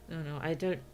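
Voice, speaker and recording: A woman with an Australian accent chatting casually on a livestream, musing aloud and laughing often. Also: fairly low pitch. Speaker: streamer and writer.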